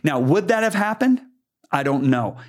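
An older man, a preacher, earnestly telling a story in conversation, animated and emphatic. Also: fairly high pitch, moderate pace. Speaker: guest preacher.

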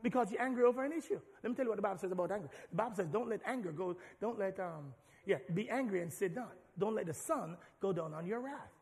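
A man with a high, bright voice preaches, building from easy teaching into fervent, shouted passages. His sermon rings through a large hall with a long reverb tail. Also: fast, few pauses. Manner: animated preaching, rising to shouts. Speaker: pastor.

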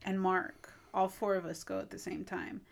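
A woman's voice: mid-range voice, flat delivery, moderate pace, vocal fry. A woman co-hosting a podcast, chatting casually and rambling with many fillers. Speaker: podcast co-host. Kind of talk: casual chat.

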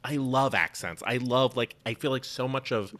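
A man co-hosting a podcast in casual chat, expressive and quick to laugh. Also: mid-range voice. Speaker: podcast co-host.

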